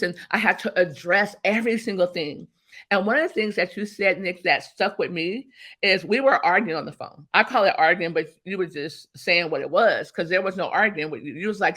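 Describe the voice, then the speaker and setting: A woman guest, a business strategist, talking emphatically and telling animated stories in an interview. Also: lowish voice, a little fast. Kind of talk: motivational interview talk.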